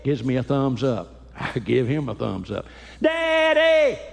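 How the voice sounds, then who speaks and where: A man voicing little boys whining and pleading with their daddy in a high, kiddish voice. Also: normal speed, creaky, a little mellow. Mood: excited. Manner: high-pitched pleading kid voice. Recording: live hall with long reverb.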